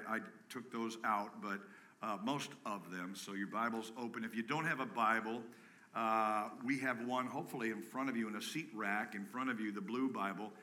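A man preaching a live sermon to his congregation, energetic and joking, rallying the room with calls and shouts. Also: mid-range voice. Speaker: pastor. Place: church sanctuary with a congregation.

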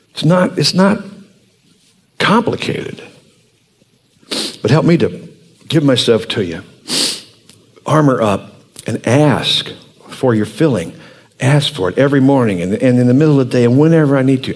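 A man in his sixties, a pastor telling a story in a sermon in an animated, earnest way. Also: medium pitch, normal speed, pauses often.

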